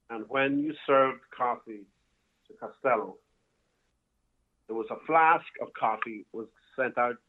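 A man, a bar owner, telling a long rambling story as a guest, with many restarts and fillers. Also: medium pitch. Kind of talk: casual storytelling. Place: home, calling in by phone. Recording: tinny phone line.

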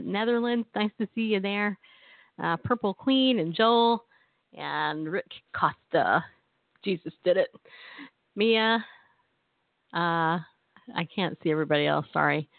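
A woman's voice: mid-range voice, no room sound. A woman in her late forties hosting a live Christian radio show, chatting in a bubbly, giggly way with her listeners. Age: 40s. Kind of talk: casual chat. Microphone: phone or webcam on a live stream. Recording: tinny phone-like sound, dry.

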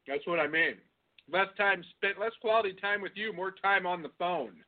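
A man's voice: high voice, normal speed. A middle-aged man co-hosting a casual chat over the phone, laughing often and swearing freely. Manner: laughs often, loose and profane. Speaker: podcast co-host. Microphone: phone call. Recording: tinny phone line.

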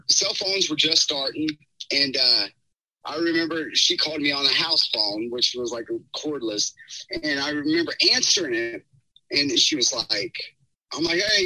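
A middle-aged man telling a personal story in a casual podcast chat, rambling and animated, with many fillers. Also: medium pitch, rough recording. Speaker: podcast guest.

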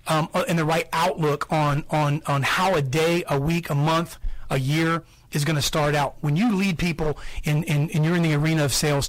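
A man's voice: a little high, low-quality recording. A man hosting a sales podcast, giving earnest motivational talk and repeating his key points for emphasis. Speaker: podcast host.

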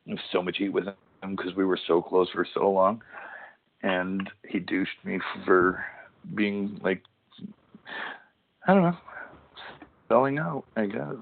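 A man's voice: low voice, steady tone, measured pace, creaky. A man in his forties hosting a casual podcast, telling rambling, profane, joking stories over a tinny phone-like line. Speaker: podcast host, former wrestler.

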